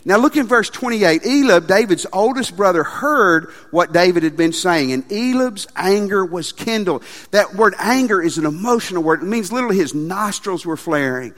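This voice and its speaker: A man preaching a sermon as pastor, animated and emphatic, often repeating his phrases. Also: high-pitched, moderate pace, hardly any pauses. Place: church sanctuary. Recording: long reverb of a large hall.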